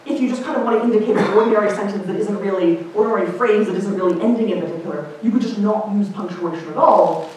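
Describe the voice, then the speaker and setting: A woman linguist giving a casual public lecture, chatty and animated, putting on higher voices for the people she quotes. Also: quick pace, slight background noise. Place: lecture hall. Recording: echoey hall from far off.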